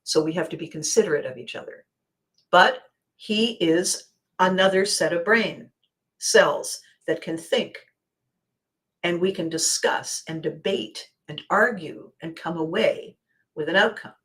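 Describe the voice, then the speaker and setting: A woman hosting a show, talking casually in an expressive, emphatic way with wide swings in loudness. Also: lowish voice, unhurried. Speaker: host. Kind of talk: casual monologue.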